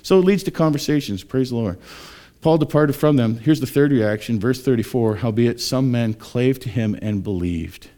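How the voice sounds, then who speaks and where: A man's voice: normal speed, mellow. Man preaching a sermon in church. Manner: mocks scoffers in high put-on voices. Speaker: pastor.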